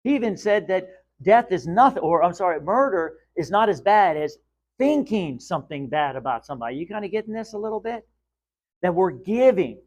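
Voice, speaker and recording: A man's voice: sits high, animated, fairly quick. A man giving a spiritual teaching talk in an emphatic way, repeating key phrases and asking the listener questions.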